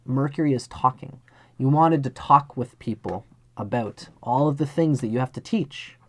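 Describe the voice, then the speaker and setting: A man's voice: mid-range voice, normal speed, a bit bright. A man giving a live astrology chart reading, speaking earnestly and directly to the person he reads for. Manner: earnest, speaks straight to the listener, acts out little scenes.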